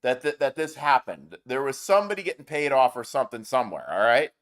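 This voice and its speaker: A man's voice: mid-range voice, animated, fast talker, fairly bright tone. A man hosting a political commentary show, ranting in a heated, sarcastic way with mocking asides.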